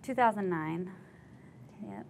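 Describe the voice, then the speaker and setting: A young woman veteran telling her story in an oral history interview, candid and animated, acting out the voices of others. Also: medium pitch, slow pace, creaky, a little hiss or hum. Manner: candid storytelling, acts out quoted voices, laughs easily.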